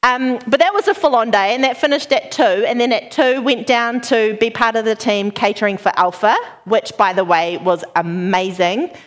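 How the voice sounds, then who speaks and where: A woman in her thirties preaching with a bright, high voice. She tells her story in a chatty, animated way and laughs often. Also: moderate pace, few pauses. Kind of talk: sermon opening with a personal story.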